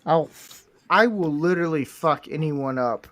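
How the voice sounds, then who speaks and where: A man's voice: a little high, normal speed, fairly bright tone. A foul-mouthed man hosting a livestream, rambling in casual crude chat while he builds a Lego set. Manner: foul-mouthed, rambling, self-described redneck. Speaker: livestream host.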